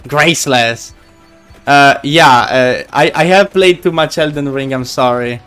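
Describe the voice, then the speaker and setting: A man's voice: mid-range voice, measured pace, a bit bright, smooth, faint music behind. A man streaming a game live, chatting casually and teasing his viewers in a playful way.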